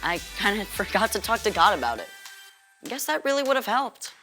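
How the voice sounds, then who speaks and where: Children's presenter, a woman, relaxed and self-mocking, over music. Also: mid-range voice, a little fast.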